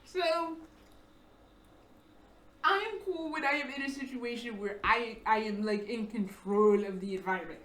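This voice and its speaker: High bright-voiced woman telling a profane story. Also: unhurried, long pauses, roomy sound. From United States. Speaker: vlogger. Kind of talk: casual storytime chat. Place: her apartment.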